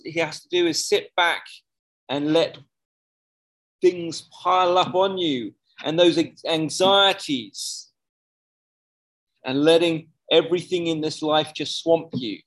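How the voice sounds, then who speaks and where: Male preacher with a slightly high voice, chatty sermon delivery with frequent self-corrections. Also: a bit bright, poor audio.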